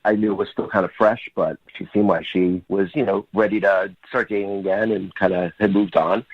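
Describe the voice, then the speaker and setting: A man's voice: deep voice, steady tone, a little fast, husky, no room sound. A man calling in to a radio show, telling his story in an earnest way with the odd chuckle. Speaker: caller. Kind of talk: phone call to a radio show. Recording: muffled phone line.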